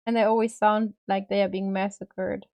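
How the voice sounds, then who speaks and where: Woman streamer rambling while painting, mid-pitched voice, lots of "like", some swearing, desk mic at home. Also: little pitch movement, moderate pace, darkish tone. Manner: rambling, loose, with many fillers and casual swearing. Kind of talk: casual live-stream chat while painting a figure.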